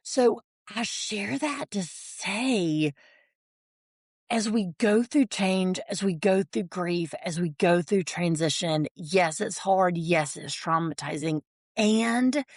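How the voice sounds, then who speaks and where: A woman, a podcast guest telling a personal story, animated and quick to laugh. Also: fairly low pitch, dry recording, clean studio sound. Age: 40s. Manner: animated storyteller, acts out family voices, laughs often.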